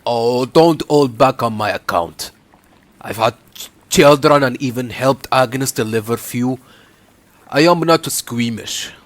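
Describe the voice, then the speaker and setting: A man voicing a kindly village wife and mother in a let's-play, speaking gently and hospitably. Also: medium pitch, slow pace, no room sound, natural voice. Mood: concerned.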